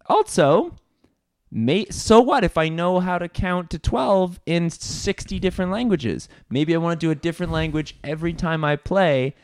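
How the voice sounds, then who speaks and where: A man's voice: on the high side, normal speed, smooth. A man hosting an improvised comedy podcast, rambling and hesitant, stammering through comic excuses. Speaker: podcast host.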